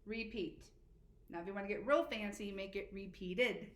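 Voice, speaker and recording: Patient woman teaching a spelling lesson. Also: mid-range voice. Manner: patient, encouraging, spells letters out slowly. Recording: echoey room with faint background noise.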